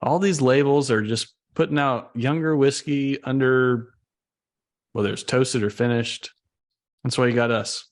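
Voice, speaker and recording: A man with a middle-pitched voice co-hosts a casual bourbon review. He thinks aloud and circles back on his points. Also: unhurried. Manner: rambling, thinks aloud with fillers and restarts. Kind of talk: casual chat.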